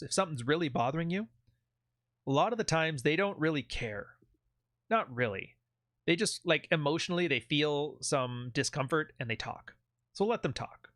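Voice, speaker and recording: A man's voice: on the high side, expressive, moderate pace, a bit bright, dry recording, studio quality. A man hosting a channel, giving blunt, profane advice in a casual monologue. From Canada. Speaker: channel host.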